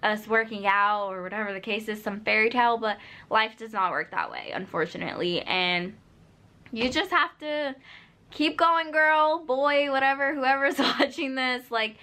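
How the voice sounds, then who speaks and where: In a fairly high, bright, forceful voice at a moderate pace, a young woman gives unscripted vlog advice directly to the camera. She leans on "like" and "you know," and comes across as earnest and straightforward.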